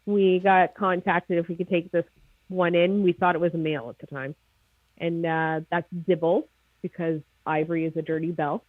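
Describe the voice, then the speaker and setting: A woman with a Maritime Canadian accent, a snake breeder chatting as a guest in a casual livestream interview, excitable and jokey. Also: fairly low pitch, normal speed, no echo. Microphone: video call. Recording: tinny phone-like video call line.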